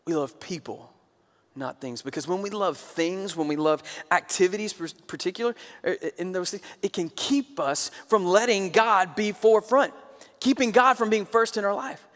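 A man's voice: sits high, moderate pace. Man preaching with a hall echo. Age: 30s. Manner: conversational storytelling, dips to quiet emphasis. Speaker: pastor. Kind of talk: sermon.

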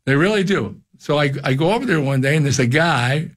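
An older man chats in a radio studio, telling stories with lots of restarts. His voice sits a bit high and climbs sharply when he acts out other people yelling. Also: fairly quick. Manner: animated storyteller, jumps high for quoted shouts. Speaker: radio show guest and former coach. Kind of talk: casual storytelling chat.

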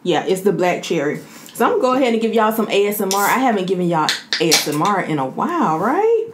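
A woman's voice: mid-range voice, very animated, fast, background noise. A woman chatting casually to her viewers as she eats, calling them "y'all". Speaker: mukbang vlogger. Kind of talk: casual eating vlog chat.

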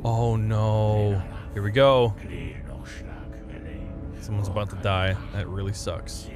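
A young man giving casual, excitable gameplay commentary, often swearing and saying dude. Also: lowish voice, slow. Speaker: let's play gamer. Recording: game music playing behind.

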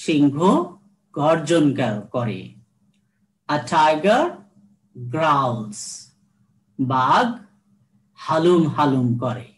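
A man who speaks Bengali natively, teaching an English lesson. He drills words, repeats them, translates each line and keeps calling the listener "my dear student". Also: fairly high pitch. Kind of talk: recorded classroom lesson.

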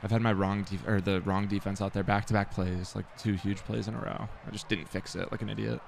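Low-voiced man muttering over gameplay. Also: level tone, fairly quick, gravelly, slight background noise. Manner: muttering to himself, self-deprecating, swearing. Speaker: gamer streaming football video game. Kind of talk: casual gameplay commentary.

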